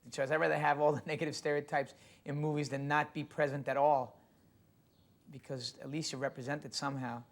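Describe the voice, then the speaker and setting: A man's voice: on the high side, little pitch movement, brisk. A man, an actor, talking frankly and casually in a documentary interview.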